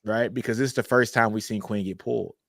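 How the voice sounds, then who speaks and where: A man's voice: fairly low pitch, fast talker, creaky, no room sound. A man co-hosts a casual football chat, talking animatedly and repeating himself as he makes his points. His voice sounds dry and close, with no room around it. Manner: animated, repeats "you know what I'm saying". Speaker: co-host. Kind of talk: casual sports talk.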